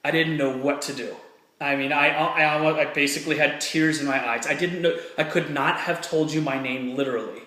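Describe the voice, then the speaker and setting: Fired-up man with a high voice. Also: fairly even intonation, brisk, bright, forceful tone, roomy sound. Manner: earnest, fired-up, repeats phrases for emphasis. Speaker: motivational speaker. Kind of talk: personal story and motivational talk to camera.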